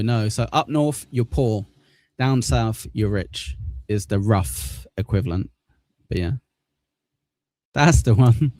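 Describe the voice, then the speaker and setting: Low, mellow-voiced English stream host. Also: male voice, no room sound. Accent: Mancunian. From southern England. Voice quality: swears often, laughs at himself. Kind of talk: casual live-stream chat.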